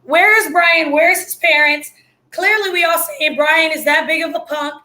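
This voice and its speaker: A woman with a high, bright, sharp voice gives blunt, slangy commentary on the news. She sounds excitable and a little strained, as if she is losing her voice. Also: unhurried. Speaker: video host commenting on news. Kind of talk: casual live commentary.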